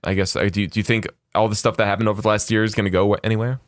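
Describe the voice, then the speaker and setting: A man with a fairly low voice chats on a casual podcast, relaxed and reactive, musing aloud with restarts. His voice sounds dry and close to the mic. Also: very fast, dry recording.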